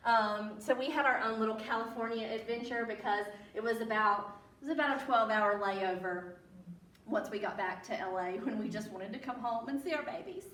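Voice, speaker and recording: A woman with a Southern American accent talks casually to a library audience in a fairly high voice, laughing often and turning to quiz the room. Her voice sounds roomy and echoey. It was recorded from a distant mic. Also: brisk, a bit bright. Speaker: library guest speaker. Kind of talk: casual storytelling talk to an audience. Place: public library meeting room.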